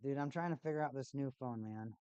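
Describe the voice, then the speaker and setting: A woman's voice: a bass voice, fast, dark tone, smooth, no echo, muffled recording. A woman streamer giving casual play-by-play and exasperated fan commentary on a hockey game.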